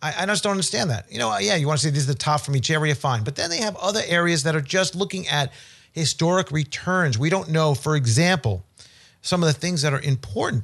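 A man with a slightly high voice gives casual, unscripted commentary. He rambles, loses his place, and calls things stupid without softening it. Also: gravelly. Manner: opinionated, rambling, blunt. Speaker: financial commentator. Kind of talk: casual talk.

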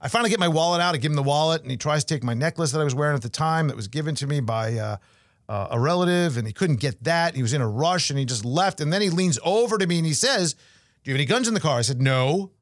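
A man's voice: a little high, animated, fast talker, no echo, clean studio sound. A man giving casual market commentary, conversational and chatty, with fillers, restarts and storytelling asides.

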